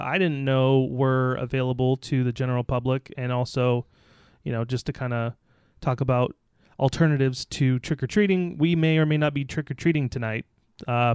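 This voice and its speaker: A man's voice: medium pitch, darkish tone, clear, resonant tone, no room sound, studio quality. A man from the United States co-hosting a podcast in casual chat, joking and teasing himself, with many ums and restarts. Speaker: podcast co-host.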